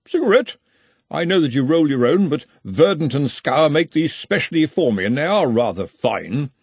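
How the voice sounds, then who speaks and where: A man voicing a cheerful, genteel, self-satisfied rival wizard, pitched well above his own voice. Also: very animated, moderate pace, breathy edge, no room sound, full character voice. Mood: chirpy. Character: smooth, cheerful, smug rival male wizard.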